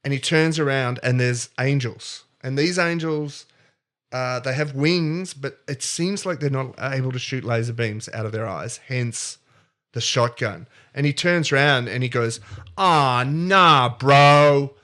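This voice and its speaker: A man's voice: mid-range voice, unhurried, a bit bright. Aussie guy rambling thru a story on a podcast, goofy and chatty. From not American. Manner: playful, rambling, self-interrupting. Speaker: podcast co-host. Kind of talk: comedic story retelling.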